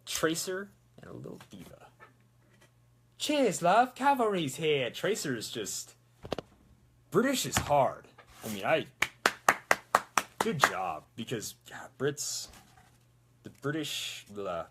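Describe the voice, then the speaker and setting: A man's voice: fairly low pitch, very animated, unhurried, a bit bright, slight background noise. A man chatting casually while making a prop, rambling with self-mocking jokes. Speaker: prop maker. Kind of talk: casual workshop chat.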